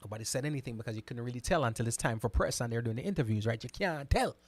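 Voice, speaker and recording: Host, male, from Jamaica, mid-pitched, talks in lively bursts and repeats himself, dry close recording. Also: rapid-fire, no room sound. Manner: animated, repeats words, asks "right?" often. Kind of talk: casual commentary reading viewer comments.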